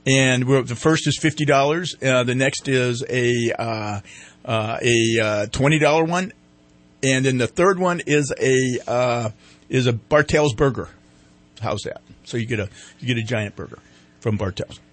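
A man's voice: medium pitch, unhurried. A man hosting a casual morning radio show, rambling and poking fun at himself. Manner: rambling, self-mocking, lots of fillers. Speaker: radio host.

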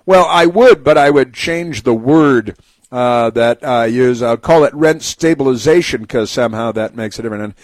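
A man's voice: mid-range voice, moderate pace, no echo. A man hosting a talk radio show, delivering an opinionated monologue in a sarcastic, rambling way full of fillers and restarts.

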